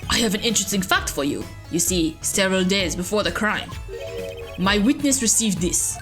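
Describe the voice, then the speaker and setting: A woman voicing a smug young male prosecutor who talks in a smooth, theatrical way. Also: mid-range voice, lively intonation, normal speed, a bit bright, faint music behind, natural voice.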